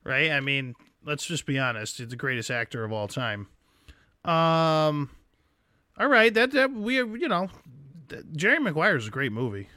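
Bright animated guy cohosting a podcast, dry close mic. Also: a little high, normal speed, no room sound. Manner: animated, acts out scenes in exaggerated voices. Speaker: podcast co-host. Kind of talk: casual chat.

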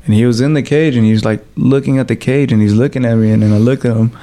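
A male professional fighter tells stories in a casual interview, loose and heavy on swearing, with fillers like "you know" and "like." His mid-range, mellow voice moves quickly with fairly even intonation.

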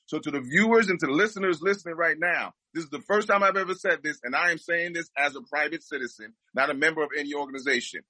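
A man's voice: a little high, fast, few pauses, sharp tone, no room sound, low-quality recording. A man speaking as a guest, giving impassioned political commentary and repeating his points for emphasis.

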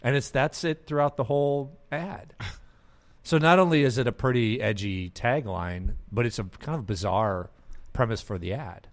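A man's voice: medium pitch, normal speed. A man hosting a podcast, chatting casually and laughing often as he talks. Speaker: podcast host.

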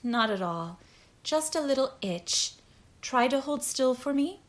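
A woman voicing a gentle young woman healer in a storybook reading, soft and soothing. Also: high voice, expressive, unhurried, pitched above the performer's own voice.

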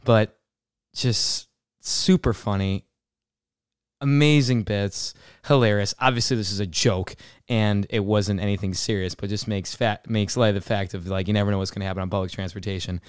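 A man's voice: lowish voice, fairly even intonation, normal speed, clear, resonant tone, no echo, studio quality. Man rambling in casual commentary. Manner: rambling, filler-heavy. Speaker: podcast host.

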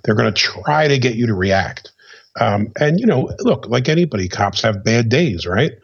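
A man, a former police officer, talking in a measured way and hedging his points in casual chat. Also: medium pitch, expressive, vocal fry, slightly rough, dull audio.

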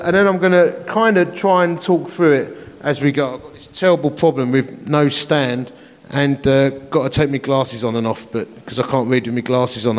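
A man in his forties, a pastor, preaching a conference sermon in a chatty, self-mocking storytelling way. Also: mid-range voice. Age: 40s. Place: large conference hall. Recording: echoey conference hall.

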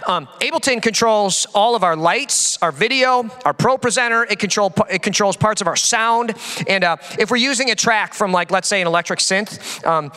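A man preaching a sermon as pastor, telling stories with quick jokes and frequent fillers. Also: high voice. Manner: animated storytelling with quick jokes. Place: large church hall. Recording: long hall reverb.

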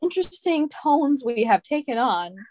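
A woman's voice: high voice, very animated, measured pace, a little mellow, no room sound. A woman hosting a casual chat, mostly giving short agreeing replies.

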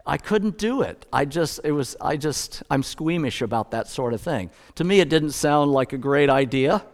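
A middle-aged male pastor preaching a sermon in a relaxed storytelling way, correcting himself now and then. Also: fairly high pitch, normal speed. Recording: long hall reverb.

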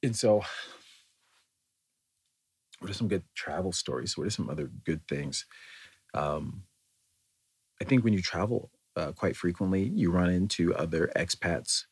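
A man's voice: low-pitched, unhurried, long pauses, husky. An American man talking in a thoughtful, meandering way, with many fillers and restarts, in a reflective solo monologue. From United States.

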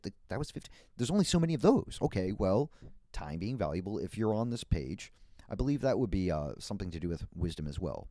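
A man's voice: sits low, warm tone, dry recording, studio quality. A man hosting a solo podcast, rambling in a playful, meandering way with frequent laughs and restarts. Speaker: podcast host.

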